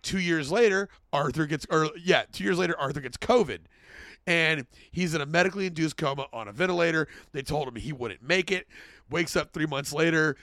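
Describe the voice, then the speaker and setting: A man's voice: fairly high pitch, fairly quick, no echo, clean studio sound. A man co-hosting a casual podcast, telling a story with laughs and acting out quotes in funny voices. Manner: animated, laughing, swears, acts out quotes in voices. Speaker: podcast co-host.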